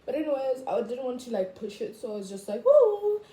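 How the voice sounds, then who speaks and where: A chatty woman vlogger rants to camera with a high, mellow voice full of "like" and "I was just like". She leaps even higher whenever she quotes herself. The room is echoey, with faint noise behind her. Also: fast talker. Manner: animated, jumping high when quoting herself. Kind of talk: casual rant to camera.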